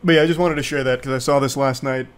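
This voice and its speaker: A man's voice: mid-range voice, steady tone, fast. A young man streaming, casually recapping a bad movie to his viewers in a sarcastic, profane, rambling way.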